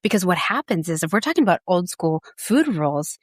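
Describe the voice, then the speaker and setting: A middle-aged woman, a dietitian and podcast guest, who tells animated stories and laughs often. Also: lowish voice, fairly quick, no room sound, studio quality. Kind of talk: podcast interview conversation.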